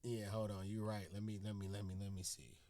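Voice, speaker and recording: A man hosting a casual reaction video, talking in excitable, laid-back slang. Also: lowish voice, fast talker, dry recording. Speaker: reaction channel host.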